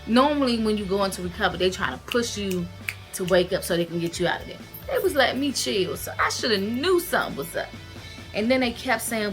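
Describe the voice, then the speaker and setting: A woman's voice: mid-range voice, a little fast, soft background music. A woman vlogger earnestly recounting her surgery recovery and giving direct, heartfelt advice in a casual to-camera talk. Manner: earnest and expressive, retells events with emotion and direct advice. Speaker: vlogger sharing her weight-loss surgery experience.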